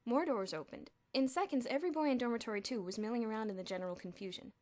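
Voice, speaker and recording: A woman's voice: fairly high pitch, quick pace, a little mellow. A woman narrating a children's novel as an audiobook, telling the story expressively. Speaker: audiobook reader.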